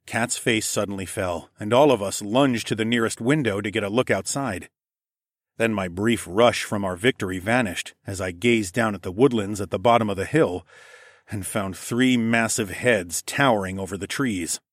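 A man narrating a first-person story in a steady, measured way. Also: on the low side, no room sound, studio quality. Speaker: audiobook narrator.

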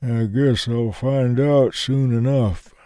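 A worn-out, toothless old man, voiced by a male audiobook narrator who slurs his words slowly. His voice sits noticeably higher than the reader's own low tone, and the recording is close and dry. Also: steady tone, warm tone, no room sound, close to an everyday voice. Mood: weary. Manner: slow slurred old man's speech.

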